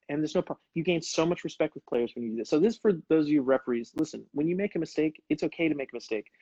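Calling everyone brother, a thirty-something livestream host who once played pro soccer tells stories at an unhurried, laid-back clip. His mid-range voice is a little mellow and husky, recorded with no echo and the highs cut off.

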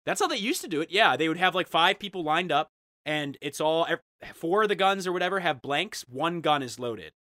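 A man's voice: on the high side, expressive, fairly quick, pushed and bright, no echo, clean studio sound. A young man chatting casually as a podcast co-host, joking and acting out silly voices. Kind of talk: casual chat.

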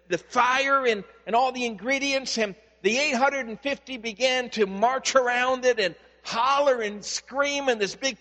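High-voiced pastor in an echoing hall. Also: male voice. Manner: conversational storytelling, animated. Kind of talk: sermon.

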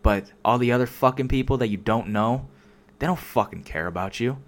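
Speaking a little fast in a mid-range voice, this young solo vlogger rants casually into a desk mic. The talk is unscripted and rambling, full of filler words and nonstop profanity.

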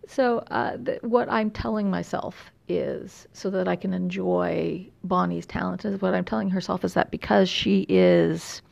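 A middle-aged woman from California, carrying a slight Texas drawl, talks casually and rambles, using many fillers and self-deprecating remarks. Her mid-range voice is creaky and a little mellow, and the high frequencies are cut off in the recording.

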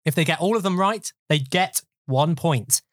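A man hosting a podcast quiz, upbeat and teasing, briskly explaining the rules. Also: a little high, dry recording, studio quality. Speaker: quiz host.

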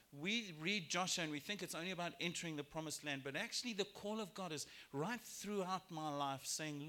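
A man preaching a sermon in church, lively and expressive, acting out biblical characters in raised voices. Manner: animated, acts out quoted voices with rising pitch and volume. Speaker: pastor. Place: church sanctuary.

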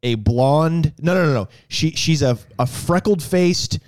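A man's voice: on the high side, expressive, measured pace, a little mellow. A man telling a crude comic story on a podcast, ranting with lots of swearing and stammered restarts.

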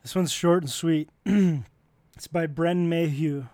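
Laid-back young man, slightly high voice. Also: fairly even intonation, slow, darkish tone, no echo, studio quality. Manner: laid-back storyteller, swears casually. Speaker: podcast co-host. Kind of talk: casual podcast chat.

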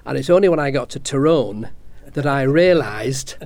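A man's voice: mid-range voice, animated, normal speed, darkish tone. A man in his sixties from Yorkshire, with a Yorkshire accent, telling anecdotes in a casual panel discussion, often restarting his sentences. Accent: Yorkshire English. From Yorkshire, England. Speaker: panel guest.

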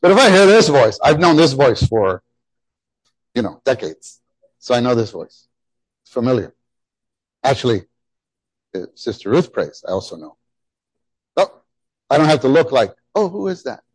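A middle-aged man preaching a sermon, animated and emphatic, often repeating his phrases. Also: medium pitch, normal speed, pauses often, breathy edge, no echo. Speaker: pastor.

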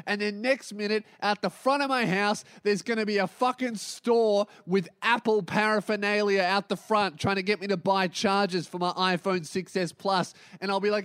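An Australian man on a podcast, going off in a swearing, comic rant with a fairly high voice. He rattles off mocking impressions of other people mid-story, and the sound is dry and close, with no room around it. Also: fairly bright tone, dry recording. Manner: ranting, swearing, mimicking others in quick asides. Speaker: podcast host. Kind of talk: profane comedic rant.

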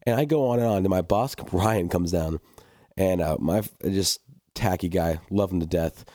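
A man's voice: deep voice, normal speed, mellow, dry recording, clean studio sound. A young man telling a work story in casual chat, rambling with many restarts and laughs. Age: young adult.

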